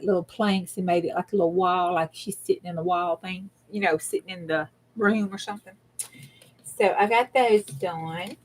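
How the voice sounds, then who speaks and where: Folksy woman chatting while crafting. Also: medium pitch. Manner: rambling, folksy, greets viewers by name. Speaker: craft livestream host. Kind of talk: casual chat while crafting.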